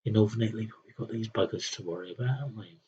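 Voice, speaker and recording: A man's voice: fairly low pitch, very fast, darkish tone, dull audio, a little hiss or hum. A young man streaming a strategy game, thinking aloud with wry, muttered commentary. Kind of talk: casual live gameplay commentary.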